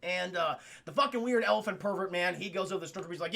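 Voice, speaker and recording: A man's voice: sits high, very fast, creaky, fairly bright tone. A male streamer who retells a film to his chat in a comic, rambling, profane way.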